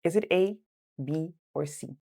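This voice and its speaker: Mellow-voiced woman teaching French. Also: low-pitched. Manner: repeats each phrase slowly, chatty asides. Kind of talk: online language lesson.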